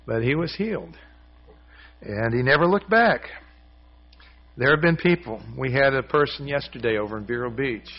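Guy preaching, telling stories, slightly dull lo-fi sound, voice sits mid pitch. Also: expressive, normal speed, long pauses. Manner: storytelling, acts out quoted voices, conversational. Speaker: pastor. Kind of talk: sermon.

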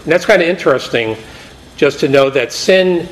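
A man's voice: a little high, expressive, normal speed, rough recording. A man preaching a Bible study sermon in a conversational way, paraphrasing scripture and acting out the quotes with energy.

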